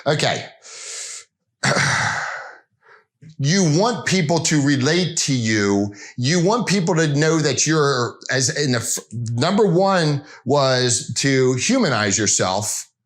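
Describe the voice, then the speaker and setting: A middle-aged man giving an informal sales training talk, conversational and rambling, with frequent restarts. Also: on the high side.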